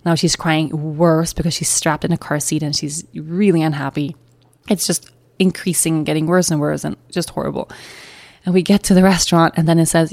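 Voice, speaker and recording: Young woman podcaster, lowish voice, dry close sound, chatty and candid. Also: fairly even intonation, brisk, darkish tone, no room sound. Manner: candid, emotional, chatty with frequent laughs. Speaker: podcast host. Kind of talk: personal storytelling monologue.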